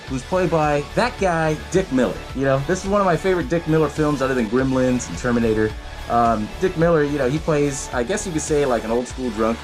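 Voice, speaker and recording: Man, podcast host, casual movie recap, swearing, lively swinging pitch, music playing behind. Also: poor audio. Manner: loose, profane storytelling with frequent laughs.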